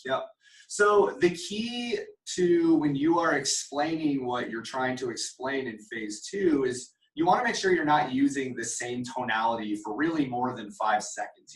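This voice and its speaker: A man's voice: medium pitch, animated, moderate pace. A man leads a casual sales meeting, coaching his team and acting out sample phone calls. He sits a little away from the mic, and the room gives his voice a noticeable echo. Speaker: sales trainer. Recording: echoey room, mic at a distance.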